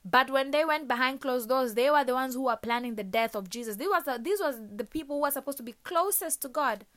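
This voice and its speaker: A woman's voice: high voice, lively intonation, fast, fairly bright tone. Earnest woman preaching a sermon. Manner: earnest exhorting with rhetorical questions.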